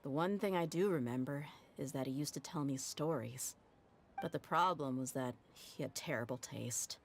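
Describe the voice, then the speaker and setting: A woman's voice: a bass voice, moderate pace, slight background noise. An actress playing a tough young woman who leads a desert mercenary band, blunt and matter-of-fact. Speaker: game character in a played cutscene. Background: faint game music.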